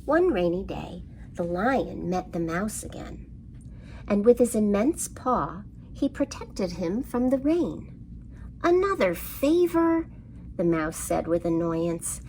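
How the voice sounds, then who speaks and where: A woman reading a picture book aloud to children in an expressive storybook cadence. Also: fairly low pitch, slow pace, a little hiss or hum.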